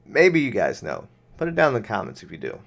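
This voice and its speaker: A man's voice: lowish voice, huge pitch swings, fast, gravelly. A man giving casual, sarcastic, exasperated commentary on a video clip.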